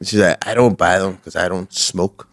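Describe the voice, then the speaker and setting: A man's voice: deep voice, steady tone, moderate pace, no echo, studio quality. A young Irish man co-hosting a podcast in a laid-back, bantering way, with plenty of swearing. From Ireland. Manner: laid-back banter, calls his co-host lad. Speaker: podcast co-host. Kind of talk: casual chat.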